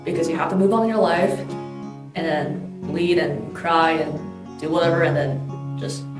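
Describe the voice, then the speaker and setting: Woman, candid reflective narration, low-ish voice, echoey room, distant mic, faint guitar behind. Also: fairly even intonation, moderate pace. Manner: candid, thoughtful, with casual fillers. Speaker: documentary interviewee. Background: soft guitar music.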